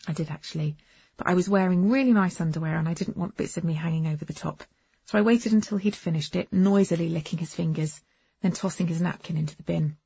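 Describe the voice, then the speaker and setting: A woman's voice: lowish voice, quick pace, vocal fry, dark tone, slightly rough, no room sound. A woman narrating a first-person novel in an intimate, wry storytelling manner. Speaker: audiobook narrator. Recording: dull, dry lo-fi recording.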